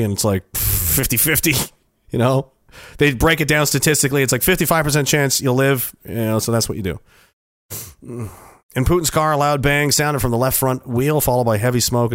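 A man's voice: medium pitch, no echo, clean studio sound. A man hosting a casual commentary show, talking in a sarcastic, profane way into a headset mic.

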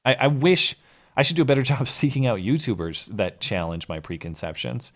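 A young man with a hoarse, fading voice, co-hosting a live call-in podcast and rambling casually through restarts. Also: mid-range voice, big pitch swings, brisk. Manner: rambling, self-deprecating, many restarts. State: hoarse, losing his voice. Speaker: podcast co-host.

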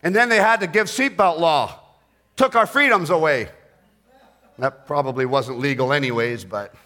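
High, bright-voiced older preacher. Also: male voice. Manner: swings from hushed prayer to loud, fast storytelling. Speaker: pastor. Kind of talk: sermon.

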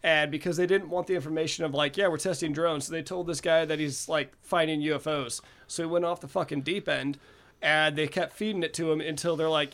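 A man with a somewhat high voice talks loosely among friends, piling up fillers and false starts as he retells a story. He swears casually and keeps the chat relaxed. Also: fairly quick. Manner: rambling, profane, many fillers and restarts. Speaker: podcast co-host.

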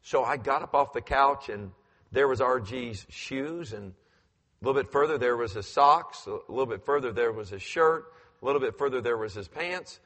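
A man in his fifties, a pastor telling animated stories in a sermon and acting out the voices. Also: medium pitch, moderate pace. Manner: animated, acts out voices, climbs loud when excited. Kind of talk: storytelling in a sermon. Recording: long church hall reverb.

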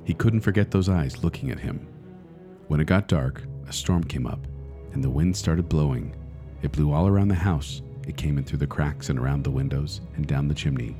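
A man podcast host reading a spooky children's story aloud in a deliberate manner that builds suspense. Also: extremely low pitch, over music.

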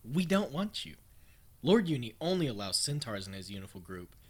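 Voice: medium pitch, big pitch swings, normal speed, slightly rough. A performer voicing a zealous male centaur cult follower, preachy and gushing, prone to sudden outbursts in a comedy audio drama. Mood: fervent.

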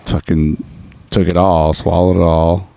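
Gravelly low-voiced man telling a story. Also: level tone, unhurried, mellow, no room sound. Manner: loose, profane storytelling, heavy fillers. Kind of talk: casual storytelling chat.

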